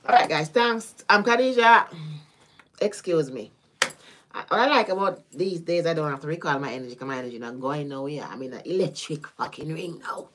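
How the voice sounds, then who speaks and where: A woman's voice: low voice, brisk, fairly bright tone, slight background noise. A woman with a Caribbean accent giving a casual tarot reading on a livestream, chatty and often laughing. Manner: chatty, laughing, drifting between topics. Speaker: tarot reader.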